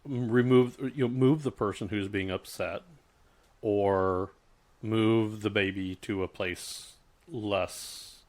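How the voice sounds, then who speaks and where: Low-voiced man chatting, halting. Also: fairly even intonation, a little mellow. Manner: halting, many restarts and fillers. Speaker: podcast co-host. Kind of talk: casual chat.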